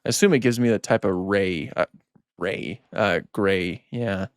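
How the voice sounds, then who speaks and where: A man's voice: deep voice, measured pace, no echo, studio quality. A man hosting a gaming channel, chatting casually as he plays and repeating himself when startled. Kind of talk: casual let's-play commentary.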